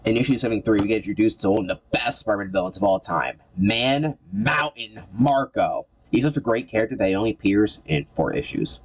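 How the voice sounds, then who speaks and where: Low-voiced sarcastic man. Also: racing, few pauses. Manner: sarcastic, irreverent, with frequent repeated words. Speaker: comic book reviewer. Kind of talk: casual commentary.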